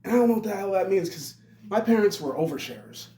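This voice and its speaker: A young man talks in a loose, rambling monologue, blunt and quick to swear. His voice sits a little high for a man. The room around him rings with a clear echo. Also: animated, mellow. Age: 20s. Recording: roomy echo.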